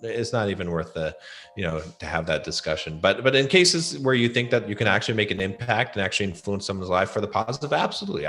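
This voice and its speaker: A man's voice: sits low, pushed and bright. A man talking as a podcast guest, giving blunt, emphatic advice and often repeating words. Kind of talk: casual advice talk.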